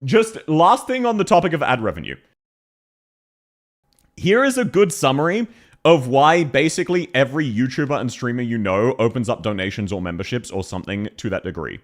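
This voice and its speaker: A man's voice: mid-range voice, lively intonation, fairly quick. An Australian man streaming, chatting casually, self-deprecating, swearing and laughing often. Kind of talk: casual live-stream chat.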